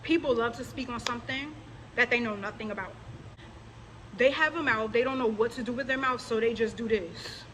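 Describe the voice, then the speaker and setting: Her voice is on the high side, brisk and a bit bright, captured in a rough recording with slight background noise. She's a religious vlogger giving a direct-to-camera rant that scolds and confronts viewers while mocking the people she addresses.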